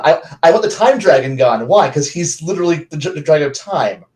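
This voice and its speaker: Rambling, animated man, fairly high voice. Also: a little fast, rough recording. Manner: rambling, animated, many restarts. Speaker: podcast co-host. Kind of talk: casual chat.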